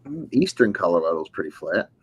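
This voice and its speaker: A man's voice: low-pitched, big pitch swings, a little fast, breathy edge, no echo. A man co-hosting a casual chat, laid-back and wry.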